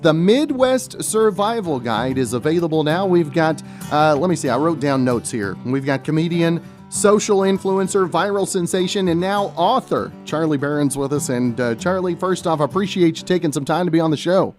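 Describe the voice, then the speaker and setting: Higher-voiced male host reading from notes. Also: expressive, a little mellow, faint music behind. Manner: halting, repeats words as he reads his notes. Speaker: podcast host. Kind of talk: scripted intro reading, then interview.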